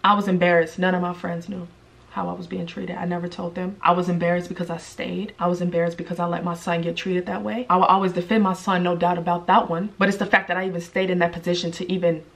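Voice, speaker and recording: A young woman vlogging to camera, telling a personal story bluntly, her voice rising when she quotes people and dropping low and quiet when she confides. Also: fast, vocal fry. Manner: blunt and direct, swinging between raised animated quotes and low quiet confiding.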